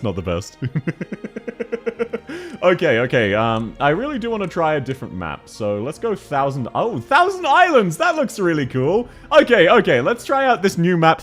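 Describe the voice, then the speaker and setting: A man's voice: mid-range voice, fairly bright tone. A young man chatting casually on a live stream while playing a game, laughing often and answering chat.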